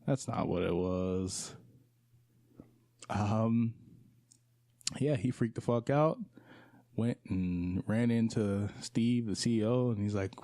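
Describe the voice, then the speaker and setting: A man co-hosting a casual movie podcast, retelling scenes with lively put-on quotes and lots of swearing. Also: on the low side, takes it slowly, long pauses, dry recording, studio quality. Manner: animated storyteller acting out scenes, profane. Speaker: podcast co-host. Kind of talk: casual movie review chat.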